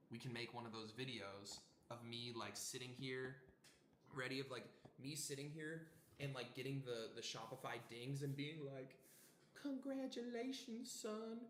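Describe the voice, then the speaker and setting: A man's voice: mid-range voice, a bit bright. A young man vlogging about his clothing brand in a rambling, joking way, with plenty of swearing. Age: young adult. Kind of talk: casual vlog chat. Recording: roomy with faint background noise.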